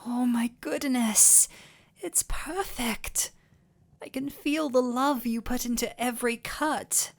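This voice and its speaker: A woman's voice: a little high, takes it slowly, vocal fry. A woman voicing a doting headless dullahan boyfriend. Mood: tender. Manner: tender, giddy and affectionate, playful self-teasing. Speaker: voice actor. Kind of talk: audio role-play for a listener.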